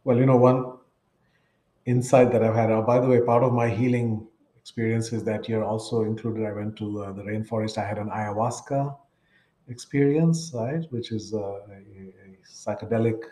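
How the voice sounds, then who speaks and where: A man's voice: lowish voice, steady tone, moderate pace, warm tone, roomy sound, poor audio. A man in his sixties from India, telling a personal story earnestly as a podcast guest, often tagging his sentences with "right?". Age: 60s. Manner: earnest, tags phrases with "right?".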